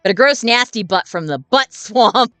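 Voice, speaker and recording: A woman's voice: fairly high pitch, animated, normal speed, a bit bright, no echo. A woman voicing a dim, sweet jock monster boy who talks in an earnest, rambling, bro-ish way, in a dry recording. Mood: goofy.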